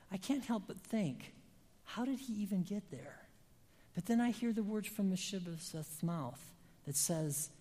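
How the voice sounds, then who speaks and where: A preacher delivering a sermon, emphatic, with dramatic pauses and sudden drops from loud passages to near-whispers. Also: medium pitch, breathy edge, in a large hall.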